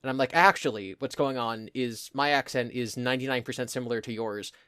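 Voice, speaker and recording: A man's voice: mid-range voice, fairly quick, fairly bright tone, clean tone, no room sound, clean studio sound. A young man from New Jersey with a New Jersey accent, co-hosting a podcast in rambling casual chat and laughing often. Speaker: podcast co-host.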